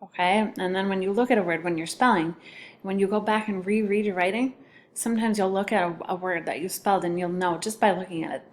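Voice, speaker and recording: A woman's voice: medium pitch, fairly even intonation, brisk, slight background noise. A woman teacher giving a recorded spelling lesson to children, patiently sounding out letters and syllables.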